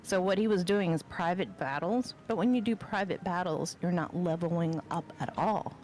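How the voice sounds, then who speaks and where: A woman's voice: fairly low pitch, moderate pace, a little mellow, slight background noise. A woman co-hosting a game stream, chatting casually and agreeing in short replies. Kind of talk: casual gaming stream chat.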